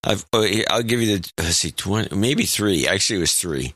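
A man co-hosting a casual talk show with a bright, pointed voice. His pitch moves a lot as he makes dry jokes and slips into mock accents. The sound is dry and close. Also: expressive, fairly quick, dry recording. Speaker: podcast co-host. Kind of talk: casual chat.

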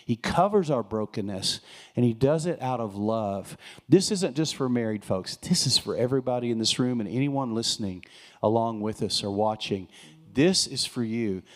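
A man's voice: mid-range voice, lively intonation, moderate pace. Earnest preaching man sharing testimony. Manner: earnest, preacherly, with joking asides. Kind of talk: sermon-style testimony.

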